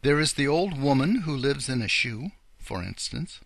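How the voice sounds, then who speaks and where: A man voicing kindly old Mother Goose, who speaks gently and matter-of-factly. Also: mid-range voice, animated, normal speed, creaky, voice pushed up. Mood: helpful. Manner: gentle, matter-of-fact storyteller's tone.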